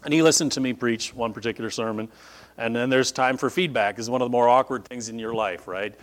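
Animated middle-aged male pastor preaching. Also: medium pitch, quick pace. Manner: animated storytelling, voices quoted speakers. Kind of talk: sermon.

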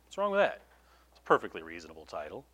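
A man preaching a sermon in a conversational, animated way, with quick asides to the congregation. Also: sits low. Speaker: pastor.

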